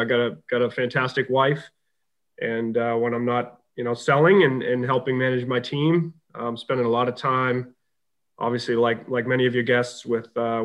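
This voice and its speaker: A man in his forties with a Boston accent, a podcast guest talking in a relaxed way, pausing often with fillers. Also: mid-range voice. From Boston area, USA. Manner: relaxed, hesitant with many fillers. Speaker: guest, sales executive. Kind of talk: casual interview chat.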